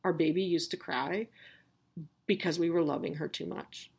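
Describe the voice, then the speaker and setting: Husky, candid woman podcast host. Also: fairly low pitch, moderate pace, a little mellow. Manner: candid, swearing, self-mocking. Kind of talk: casual pep talk.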